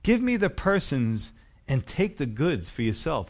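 A man's voice: a little high, very animated, unhurried. A male pastor preaching a sermon in a church, talking to the congregation in a conversational way with frequent rhetorical questions.

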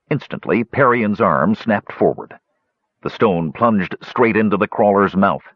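A man reading a fantasy adventure aloud in steady, measured scripted narration. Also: on the low side, slightly rough, no echo. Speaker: audiobook narrator. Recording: dull, dry lo-fi recording.

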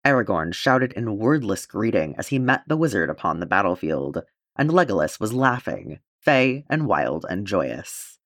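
Brief: male audiobook reader, expressive storyteller, animated delivery. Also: fairly low pitch, moderate pace, no room sound, studio quality. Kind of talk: fan-fiction audiobook narration.

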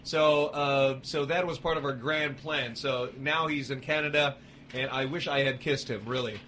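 Bright-voiced joking male radio co-host. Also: mid-range voice, steady tone, moderate pace, a little hiss or hum. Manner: rambling, self-correcting, laughs often. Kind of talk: casual joking chat.

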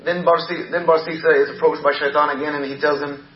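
A man's voice: a little high, little pitch movement, fast talker, hardly any pauses, echoey room, dull audio. A male preacher telling a story in a sermon, with repetitive, emphatic delivery.

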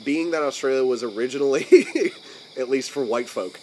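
A man's voice: medium pitch, normal speed, a little mellow, a little hiss or hum, low-quality recording. Casual swearing man on a podcast. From United States. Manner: rambling, profane, searching for words. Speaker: podcast co-host.

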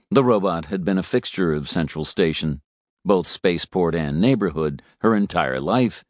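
Deep-voiced slow male narrator. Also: dry recording, clean studio sound. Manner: slow, deliberate reading. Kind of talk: scripted narration.

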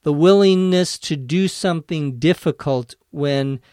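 Slow, deliberate male English teacher. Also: fairly high pitch, darkish tone, no echo, clean studio sound. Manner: spells words letter by letter, clear and deliberate. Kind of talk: slow explanatory language lesson.

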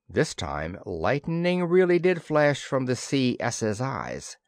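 A man reading a first-person science fiction story with expressive, dramatic narration. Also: mid-range voice, slow, vocal fry, few pauses, dry recording, clean studio sound. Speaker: audiobook narrator.

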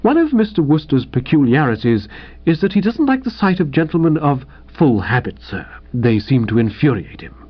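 A man voicing an unflappable, deferential male valet who speaks softly and smoothly. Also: a little high, sing-song, moderate pace. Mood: suave. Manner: soft, unruffled and deferential. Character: suave, imperturbable middle-aged male valet. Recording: dull lo-fi audio.

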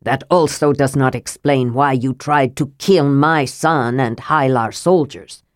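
A stern dwarf chieftain who gives orders in a grim tone, voiced by a woman reader. The voice is low and sits dry and close to the mic. He sounds like a ruler in a storybook. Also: a little slow, dry recording. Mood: exasperated. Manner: grim, commanding.

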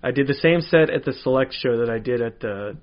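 A man's voice: medium pitch, a little fast, highs cut off. A man, a stand-up comedian, chatting casually and rambling with many fillers. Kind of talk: casual chat.

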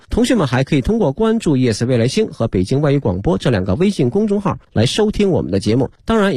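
Fast-talking man announcing show times. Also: mid-range voice, warm tone, breathy edge, dry recording, clean studio sound. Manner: brisk, informative. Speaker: radio host. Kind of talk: radio announcement.

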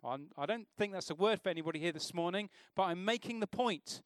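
A man's voice: high-pitched, fast talker, no room sound, studio quality. A man preaching an informal sermon in a church, talking conversationally and asking the congregation questions.

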